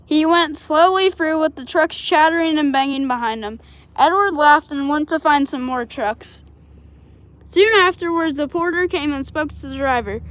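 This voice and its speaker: High-voiced woman reading a storybook. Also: normal speed, fairly bright tone. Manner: unpolished reading with small slips and apologies. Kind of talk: reading a children's storybook aloud.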